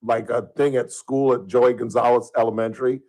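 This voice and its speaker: A man's voice: mid-range voice, little pitch movement, fairly quick, darkish tone, rough recording. A man hosting a talk radio show, rambling casually and chuckling at his own jokes into a studio microphone.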